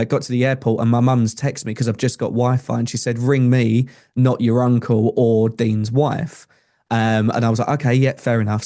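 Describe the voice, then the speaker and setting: A man's voice: mid-range voice, dark tone. A young adult man, a podcast guest telling a personal story in an earnest, conversational way with frequent restarts. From England.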